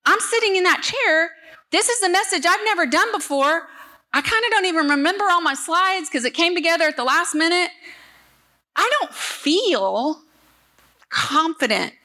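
Middle-aged woman guest preacher, high bright voice, emphatic, talks right to the congregation. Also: expressive, normal speed. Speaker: guest speaker. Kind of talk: sermon. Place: church service.

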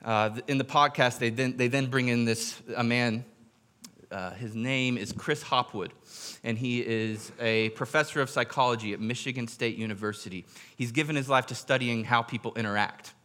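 A man, a pastor giving a sermon, retelling a story in a storytelling manner, going quiet for quoted lines and slowing down for emphasis. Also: mid-range voice, steady tone. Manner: drops quiet for quoted speech, slows for emphasis.

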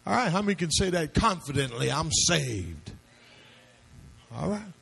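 A man's voice: sits high, lively intonation, fast, vocal fry, fairly bright tone, slightly rough. A male pastor preaching a sermon to a congregation, with emphatic call-and-response questions and phrases that he sings out. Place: church before a congregation.

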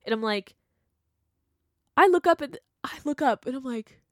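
A young woman telling a story in casual chat, animated and full of fillers, acting out what people said. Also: high voice, moderate pace, dry recording, studio quality. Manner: animated, chatty, full of "like" and laughter, acts out quotes. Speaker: vlogger.

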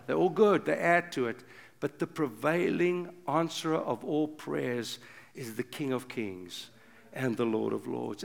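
An older man preaches in a large church hall with a gravelly, fairly high voice. He surges into loud, urgent bursts, then drops to a hush. His words trail off into the long reverb of the big hall. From South Africa. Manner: swings from loud urgent bursts to hushed low passages. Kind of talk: impassioned sermon.

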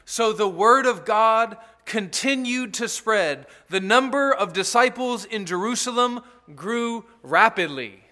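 A man's voice: high voice, lively intonation, slow pace, hardly any pauses, sharp tone. A man preaching an earnest, emphatic sermon as pastor, with asides to the congregation.

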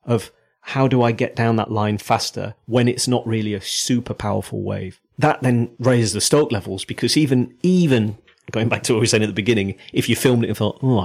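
Gravelly, husky and darkish in tone, this man's voice sits on the low side. He's a podcast co-host in casual conversation, rambling while he works through his thoughts.

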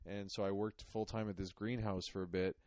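Low, mellow-voiced rambling guy. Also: level tone, a little fast, no echo. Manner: rambling, self-mocking storytelling with many fillers. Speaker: podcast co-host. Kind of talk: casual comedic chat.

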